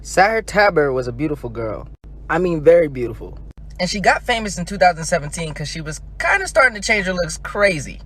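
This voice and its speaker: A man's voice: a little high, very animated, fairly quick, fairly bright tone. A man narrating a short video in an offhand, chatty way.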